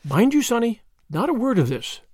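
A man's voice: very high voice, sing-song, normal speed, darkish tone, dry recording, clean studio sound, voice pushed up, full character voice. A man voicing a plucky young woman who poses as a brash, slangy American detective in an audiobook. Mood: conspiratorial.

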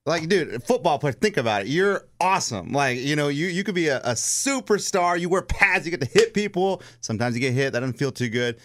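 A man co-hosting a casual sports talk show, self-deprecating and quick to laugh. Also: on the high side, animated, a bit bright. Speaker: co-host.

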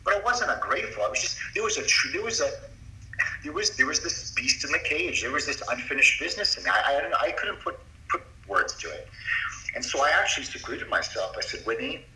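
A man's voice: a little high, sing-song, fast talker, pushed and bright. Middle-aged man, earnest and confiding, emphatic, distant from mic, echoey room. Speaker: doctor as podcast guest. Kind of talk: confessional storytelling in a conversation. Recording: roomy sound from a distance off mic.

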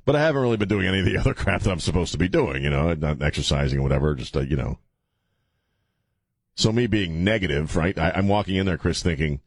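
A male talk radio host with a low voice that swings widely as he tells his stories. He wisecracks and laughs often, recorded dry and close on a studio mic. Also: lively intonation, quick pace, slightly rough, no room sound. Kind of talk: casual talk radio chat. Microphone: studio microphone.

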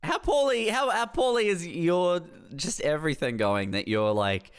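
A man's voice: a little high, expressive, normal speed, smooth. A man, teasing and exasperated in casual podcast banter as a comedian co-host. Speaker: comedian and festival organiser.

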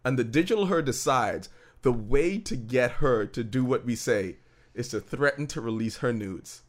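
A man talking in loose, profane banter with a friend on a podcast. His pitch sits in an ordinary middle range, and he jokes his way through the discussion. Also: animated, moderate pace. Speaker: podcast co-host. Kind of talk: casual chat reviewing a TV episode.

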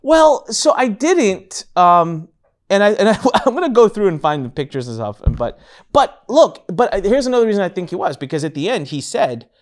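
Animated man telling a story frankly. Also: high voice, moderate pace. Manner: animated, frank, swears casually, laughs while telling. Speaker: podcast host. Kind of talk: casual storytelling chat.

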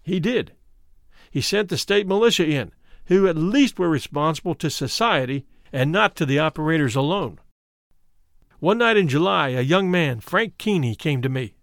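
A man giving a measured, somber first-person reading of a memoir. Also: a little high, animated, gravelly, fairly bright tone, no echo, studio quality. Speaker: narrator.

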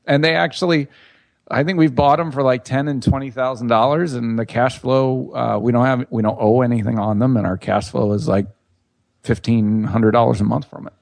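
A man's voice: mid-range voice, fairly even intonation, normal speed, vocal fry, darkish tone. A laid-back man chatting as a podcast guest, rambling and laughing often. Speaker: podcast guest, real estate investor. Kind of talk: casual podcast chat.

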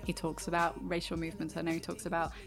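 Lively woman with lowish voice, faint music. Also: fast. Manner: lively, acts out rhetorical questions. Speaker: podcast co-host. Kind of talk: casual music discussion.

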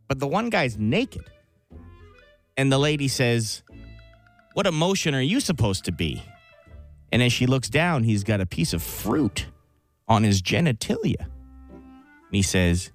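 A man's voice: medium pitch, very animated, normal speed, long pauses, soft background music. A man co-hosting a morning radio show, telling a long rambling joke in casual banter and laughing at his own punchline. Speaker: radio co-host.

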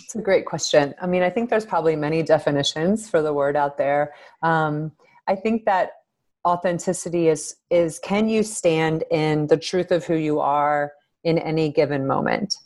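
Woman, low voice, psychologist guest, reflective, earnest, filler-heavy podcast talk. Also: moderate pace, darkish tone. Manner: earnest, reflective, thinks aloud with many fillers. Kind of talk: podcast interview.

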